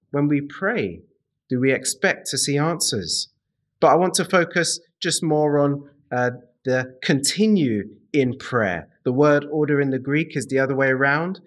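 A man preaching a sermon to a congregation in a slow, deliberate way, repeating key phrases and speaking to his listeners directly. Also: on the high side.

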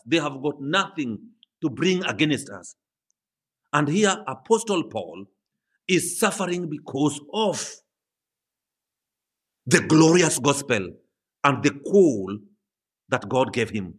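Male preacher, fairly high voice, very animated pitch, impassioned sermon delivery with drawn-out emphasis. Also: husky. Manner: impassioned, rising to high emphatic peaks on quoted words; slow, drawn-out emphasis on key phrases.

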